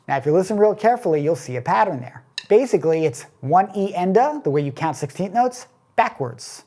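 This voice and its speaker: A man's voice: sits high, a little fast, few pauses, loud music behind the voice. A man teaching a drum lesson, explaining step by step in a casual way and counting beats aloud. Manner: relaxed, casual phrasing.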